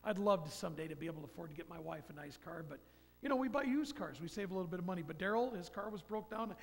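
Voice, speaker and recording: A man's voice: high voice, expressive, racing, gravelly. A man in his fifties giving a folksy, rambling personal testimony in church. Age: 50s. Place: church sanctuary. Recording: long church hall reverb.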